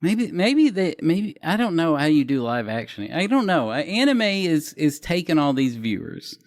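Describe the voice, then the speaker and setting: A man's voice: fairly high pitch, very animated, normal speed, dry recording, studio quality. A man co-hosting a podcast in casual chat, rambling and hesitant with many restarts. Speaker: podcast co-host.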